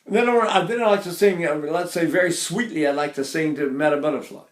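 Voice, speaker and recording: A man's voice: on the high side, fairly quick, reverberant. A man in his eighties giving an informal voice lesson, rambling a little and breaking into short sung demonstrations. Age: 80s. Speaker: voice teacher.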